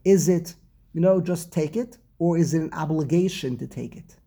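A man's voice: a little high, moderate pace, mellow, breathy edge. A man teaching a religious text study class, rambling and often repeating words and restarting his sentences.

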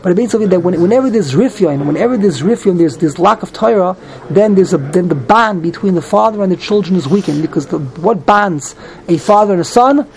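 A man giving a Talmud class, reading Hebrew phrases and explaining them quickly in English with many restarts. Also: high voice, gravelly, rough recording. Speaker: Talmud teacher.

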